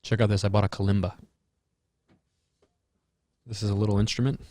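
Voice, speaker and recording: A man's voice: fairly low pitch, flat delivery, a little fast, mellow. A man hosting a casual solo podcast, rambling and musing aloud, swearing freely and trailing off into fillers and restarts. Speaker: podcast host.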